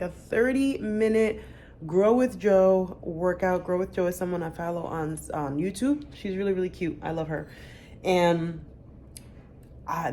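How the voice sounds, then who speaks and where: A woman's voice: on the low side, darkish tone, a little hiss or hum. A woman in her thirties, chatting candidly to the camera for her vlog, with lots of fillers. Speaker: vlogger. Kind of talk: casual chat to camera.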